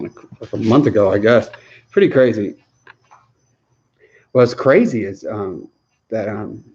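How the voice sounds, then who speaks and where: On a livestream Q&A, a male host answers viewer questions in a fairly low, mellow voice. He rambles casually, chuckles a lot, and often restarts his sentences. The audio sounds muffled.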